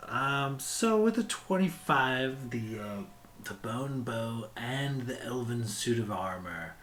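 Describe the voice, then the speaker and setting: A man's voice: medium pitch, expressive, slow pace, fairly bright tone, a little hiss or hum. A man running a tabletop game as game master, easygoing and hesitant as he calls rolls.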